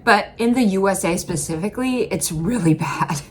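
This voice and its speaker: A woman's voice: mid-range voice, expressive, normal speed, slight background noise. A woman from the Midwest United States hosting a reaction video, chatting casually and rambling with plenty of "like" and "um". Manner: rambling, heavy with "like" and "um". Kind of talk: casual commentary.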